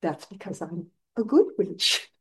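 A woman's voice: lowish voice, lively intonation, measured pace, a bit bright, breathy edge, full character voice. A woman voicing a gracious, beautiful good witch in a sweet, lilting manner while retelling a film.

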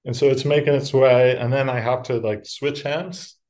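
A middle-aged man, a monk giving a talk, telling a personal story in a relaxed, self-mocking way, breaking into laughs and acting out the voices of others. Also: mid-range voice, moderate pace. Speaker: Buddhist monk teacher.

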